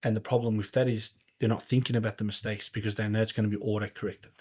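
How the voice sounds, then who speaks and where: A man hosting a podcast interview, talking in a relaxed, conversational way. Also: lowish voice, fast talker, slightly rough. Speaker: podcast host.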